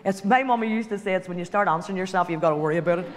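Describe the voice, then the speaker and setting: A woman's voice: on the low side, rapid-fire. A woman giving a motivational talk to an audience, chatty and direct, repeating key lines for emphasis. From Ireland. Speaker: motivational guest speaker. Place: large hall. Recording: hall reverb, stage speech.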